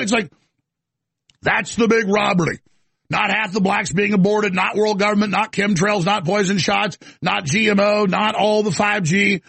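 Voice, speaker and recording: Gravelly, high-voiced ranting male host. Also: steady tone, normal speed, a bit bright, no echo. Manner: mocking, sarcastic rant. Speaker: commentary show host. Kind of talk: ranting political commentary.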